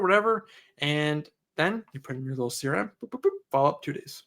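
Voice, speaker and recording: A man co-hosting a casual podcast, telling lively stories and acting out customer conversations. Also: fairly high pitch, fairly quick. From Canada. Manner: animated storyteller, acts out customer dialogue. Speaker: podcast co-host, auto detailer.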